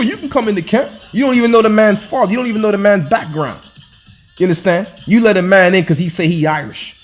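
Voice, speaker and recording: A man's voice: high-pitched, fast talker, soft background music. A man preaching informally over scripture, hectoring and repeating himself with rhetorical questions and colloquial restarts. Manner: loose, colloquial delivery with frequent restarts. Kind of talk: informal scripture-reading sermon.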